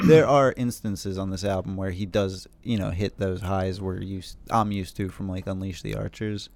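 A man's voice: low-pitched, fairly even intonation, normal speed, gravelly, darkish tone. A man hosting a casual music review chat, reassuring and persuasive as he vouches for an album.

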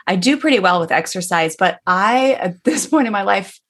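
A woman hosting a podcast in casual conversation, reflective and quick to agree. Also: mid-range voice, animated, a bit bright, breathy edge. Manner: reflective, gives many short agreeing replies. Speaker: podcast host.

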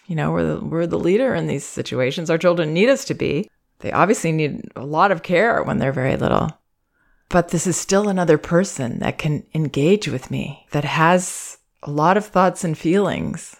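Woman, low voice, podcast host, calm and measured parenting advice. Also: creaky.

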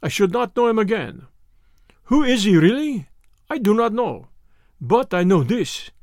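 A man's voice: high-pitched, sing-song, a little slow, a little mellow, dry recording, studio quality, pitched above the performer's own voice, heavily acted. A man voicing a frightened, sullen conspirator in an audiobook, pleading and evasive. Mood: fearful. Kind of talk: audiobook character voice.

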